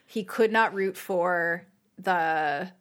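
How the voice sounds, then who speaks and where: A woman's voice: fairly low pitch, very slow. A woman co-hosting a movie podcast in casual, jokey chat. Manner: chatty, jokey. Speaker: podcast co-host.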